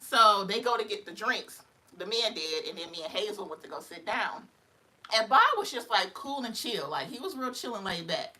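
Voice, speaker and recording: A woman's voice: medium pitch, animated, moderate pace, pushed and bright. A young woman, casually telling a story on a livestream, laughing often and acting out other people's voices.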